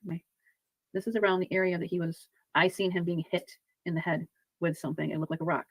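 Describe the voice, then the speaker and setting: A voice from a played clip, a self-styled medium speaking to a spirit in a soft, reassuring and repetitive way. The pitch sits mid-range and the sound is dry and close. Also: little pitch movement, quick pace, husky, no room sound, poor audio. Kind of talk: soothing medium session.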